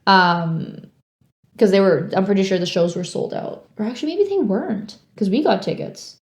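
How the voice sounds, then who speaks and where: A young woman co-hosts a podcast and rambles through a story in easy casual chat, leaning on "like" at almost every turn. Her voice sits at a middle pitch. It carries the echo of the room she is in. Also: expressive, moderate pace. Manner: rambling storytelling, heavy "like" fillers. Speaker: podcast co-host.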